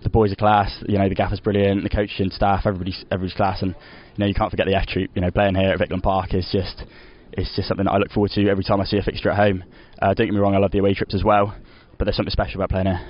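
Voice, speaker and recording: Low-pitched and level, a young man's voice races along with the highs cut off. He's a footballer in a casual post-match interview, rambling with plenty of "you know" and false starts.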